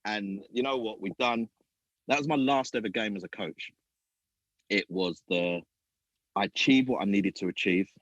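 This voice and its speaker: A man, a podcast guest and former youth football coach, telling animated stories and acting out other people's voices. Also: lowish voice, normal speed, long pauses, no echo, highs cut off. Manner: acts out other people's voices, lively and emphatic. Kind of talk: animated storytelling.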